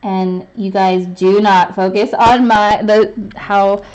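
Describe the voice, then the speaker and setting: A woman teaches calligraphy in a live online lesson, demonstrating as she writes. Her medium-pitched, slightly mellow voice is slow and flat, and the sound is lo-fi. She's chatty and thinks aloud, with many fillers and restarts.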